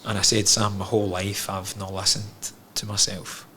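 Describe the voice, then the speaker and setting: A man's voice: lowish voice, little pitch movement, normal speed, sharp tone, slight background noise. A man, a podcast guest telling his own story candidly, frank and emotional, swearing freely.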